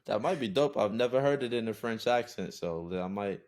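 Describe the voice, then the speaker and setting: A young man from Brooklyn, New York, talking as a podcast guest in a relaxed way, with lots of "uh" fillers. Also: lowish voice, normal speed. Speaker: podcast guest, recording artist. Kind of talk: casual interview chat.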